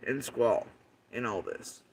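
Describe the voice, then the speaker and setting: Slow and a little mellow, a mid-range male voice carries an angry livestream rant in which the host curses and ridicules his critics through sarcastic quotes. There's a little hiss or hum, and he's somewhat distant from the mic.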